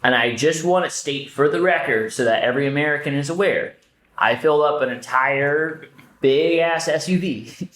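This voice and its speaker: A man co-hosting a podcast, telling stories in casual chat, animated, swearing, often restarting his sentences. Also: a little high, normal speed. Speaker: podcast co-host. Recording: roomy echo.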